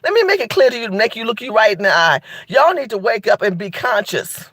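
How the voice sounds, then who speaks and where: A woman's voice: fairly high pitch, no room sound. A woman hosting a live video, talking straight to her viewers in a sassy, emphatic way. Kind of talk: animated live-stream commentary.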